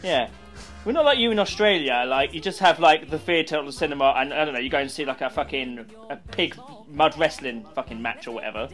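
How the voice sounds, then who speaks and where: A man with an English accent co-hosting a casual podcast over internet voice chat, brash and quick to swear. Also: fairly high pitch, a bit bright, faint music behind. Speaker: podcast co-host.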